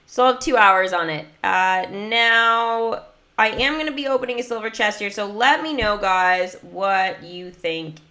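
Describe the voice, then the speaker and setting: A young US gaming streamer talks through her mobile game in bubbly, filler-laden livestream chat. She speaks a little slowly, her mid-range voice pushed and bright.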